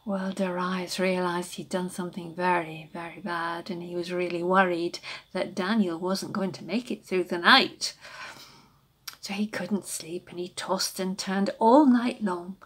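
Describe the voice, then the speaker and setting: A woman's voice: fairly low pitch, fairly even intonation, a little slow, a bit bright, husky. A woman telling a children's Bible story at a church, often dropping into a dramatic whisper.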